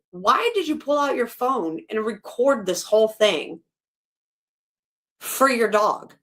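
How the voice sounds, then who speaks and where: Indignant gravelly-voiced woman host. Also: mid-range voice. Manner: indignant, blunt, swears freely. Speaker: channel host. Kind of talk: casual ranting livestream chat.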